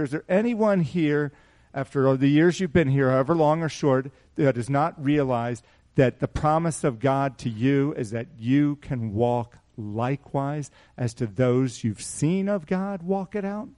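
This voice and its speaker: A man's voice: medium pitch, a little mellow. A man preaching a sermon to a small congregation, mixing conversational asides and rhetorical questions with scripture read aloud in a raised voice. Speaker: pastor.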